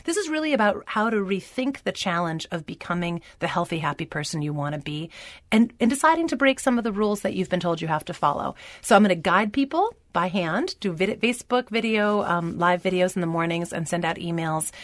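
A woman author speaks as a radio guest, earnest and encouraging. Her voice is on the low side and she sounds enthusiastic. The studio sound is dry and close. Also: animated, fairly quick, dry recording. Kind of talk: radio interview.

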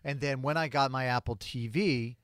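A man's voice: mid-range voice, normal speed, a bit bright, dry recording. A man hosting a casual podcast chat, explaining things at length into a studio mic. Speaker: podcast host.

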